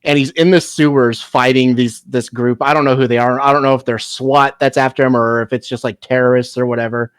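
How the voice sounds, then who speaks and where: A man's voice: mid-range voice, steady tone, a little fast, few pauses, clean tone, no echo, clean studio sound. A man in casual chat as a podcast co-host, laughing often and trailing off into repeated words.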